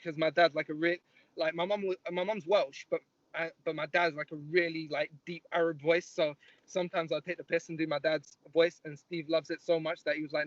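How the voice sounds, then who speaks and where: A young man from the UK in his twenties, speaking as an interview guest in a relaxed way with lots of "like"s. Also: fairly high pitch, fairly quick, no room sound, highs cut off. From United Kingdom. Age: 20s. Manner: relaxed, rambling with many "like"s. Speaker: guest fighter. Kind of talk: casual interview chat.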